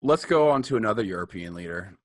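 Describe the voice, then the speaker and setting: A man's voice: fairly low pitch, expressive, quick pace, no echo. Joking young man, dry close sound. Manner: blunt, joking, laughs while telling stories. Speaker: podcast co-host. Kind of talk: casual chat.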